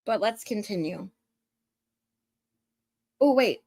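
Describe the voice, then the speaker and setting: A woman hosting casual true-crime reaction commentary, blunt and swearing as she talks over paused clips. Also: medium pitch, animated, gravelly, darkish tone, no echo.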